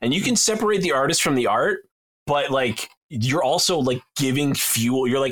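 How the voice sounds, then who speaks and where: A man in his thirties talking on a casual podcast, opinionated and dryly sarcastic. His pitch moves around a lot as he gets worked up, at an ordinary mid level. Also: animated, moderate pace, fairly bright tone. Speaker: podcast co-host. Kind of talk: casual chat.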